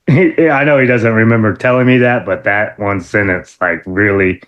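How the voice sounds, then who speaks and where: Animated man telling a wrestling story. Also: normal speed, dull audio. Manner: animated, acts out quotes in a high excited voice; laughs often, many fillers and restarts. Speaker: interview guest, former wrestler. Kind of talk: casual storytelling interview.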